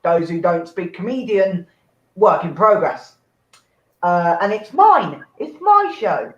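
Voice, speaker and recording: A man's voice: high-pitched, big pitch swings, takes it slowly, a bit bright. Man, comedy host, casual banter, swears a lot, roomy dull recording. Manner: sweary, self-mocking and chatty. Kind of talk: casual live-stream banter. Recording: roomy dull home mic with faint noise.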